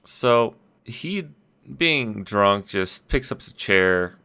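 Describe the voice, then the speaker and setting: Low-voiced man recapping a game session. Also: animated, sharp tone, smooth. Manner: rambling, self-deprecating, with restarts and quick quoted voices. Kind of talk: casual solo recap podcast. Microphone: audio-only podcast mic.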